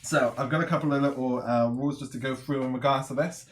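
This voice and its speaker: A man running a tabletop game as game master, describing scenes and explaining rules in a measured way. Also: medium pitch, fairly even intonation, slight background noise.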